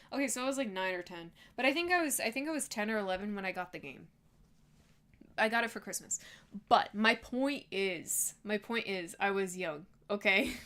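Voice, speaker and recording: A woman's voice: medium pitch, a bit bright. A twenty-two-year-old woman ranting heatedly and casually as a livestreamer, swearing often and laughing between lines. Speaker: streamer reading chat.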